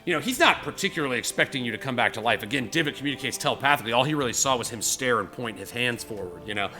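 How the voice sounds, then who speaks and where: A man's voice: medium pitch, very fast, soft background music. A man narrating as game master, rambling with many fillers and acting out the scene. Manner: rambling, lots of "you know" and "like"; animated, acts out scenes.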